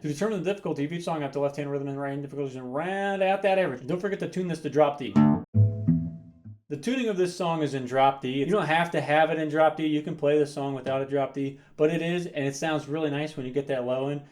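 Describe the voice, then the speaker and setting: A man giving a guitar tutorial in an upbeat way, explaining chords and counting beats aloud while he strums. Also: medium pitch. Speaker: guitar teacher. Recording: guitar playing under the voice. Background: loud guitar.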